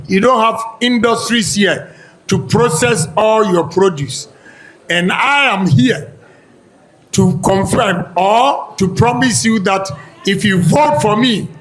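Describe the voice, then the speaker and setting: Man, Ghanaian accent, campaign speech, deliberate, high voice, slow delivery. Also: a bit bright, poor audio. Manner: slow, deliberate, lists points one by one. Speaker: politician.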